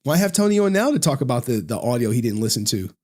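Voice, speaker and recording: A man's voice: mid-range voice, sing-song, fast, a little mellow. A man giving casual reaction commentary, blunt and profane, often repeating phrases for emphasis. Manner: blunt, profane, exasperated ranting.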